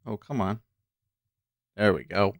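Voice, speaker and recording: He speaks slowly in a lowish voice with vocal fry, hosting a day-trading livestream and talking casually to viewers at his desk microphone. Between remarks he thinks aloud, and the studio-quality recording has no echo.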